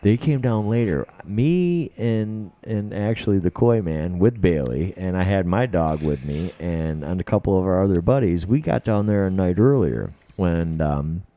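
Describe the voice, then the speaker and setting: Low, dark-voiced man telling stories. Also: lively intonation, moderate pace, hardly any pauses. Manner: rambling, profane, laughing storyteller. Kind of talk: casual storytelling chat.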